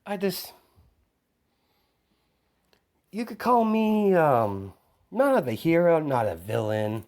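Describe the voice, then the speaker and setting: A man's voice: fairly high pitch, wildly swooping pitch, unhurried, darkish tone, voice pushed up, exaggerated voice. A man voicing a smug, theatrical young male antihero with gleeful, mock-polite menace. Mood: reassuring.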